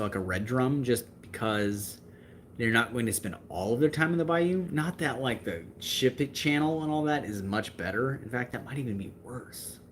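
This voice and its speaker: A young man hosts a livestream, answering viewers in a casual, talkative way, gesturing with his hands and piling on fillers and restarts. His voice is medium in pitch and fairly bright, with a little hiss or hum underneath.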